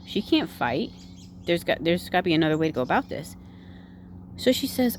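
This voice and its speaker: Low-voiced woman rambling through a movie recap. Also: expressive, normal speed, darkish tone, slight background noise. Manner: rambling, full of "like", "you know" and "right?". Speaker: movie reviewer.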